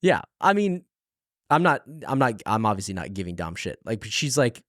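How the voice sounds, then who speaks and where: A man co-hosting a podcast in a casual book discussion chat, laid-back and quick to laugh. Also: lowish voice, very animated, a bit bright, dry recording, clean studio sound. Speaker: podcast co-host.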